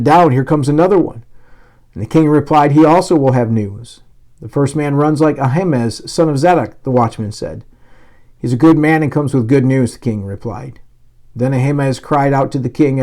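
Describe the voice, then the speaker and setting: This is a male pastor, medium in pitch, delivering a scripture passage aloud. His reading puts spirited stress on the spoken lines, with the odd slip followed by a restart.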